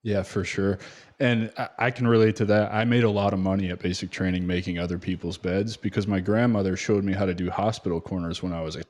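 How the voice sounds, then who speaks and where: Male host, somewhat low pitch, laid-back interviewer who shares his own stories. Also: quick pace. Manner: relaxed, conversational, with filler restarts. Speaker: podcast host, veteran. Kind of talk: casual interview questions.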